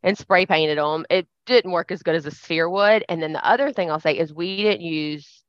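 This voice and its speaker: A chatty woman co-hosting a podcast, rambling along with a lot of "like" in her talk. Her voice sits a little low for a woman. The sound is dry and a bit dull. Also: moderate pace, no room sound. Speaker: podcast co-host. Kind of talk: casual chat.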